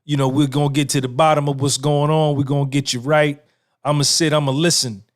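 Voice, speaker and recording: A man's voice: on the high side, level tone, a little fast. A man, hosting his own podcast in a casual monologue, emphatic and repetitive, firing off rhetorical questions. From New Jersey. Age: 50s. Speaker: podcast host.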